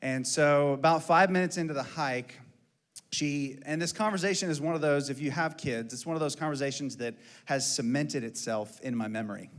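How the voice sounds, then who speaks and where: A man's voice: a little high, normal speed. A man in his thirties, a pastor, telling a personal story in a sermon in a loose, conversational way with frequent fillers and restarts.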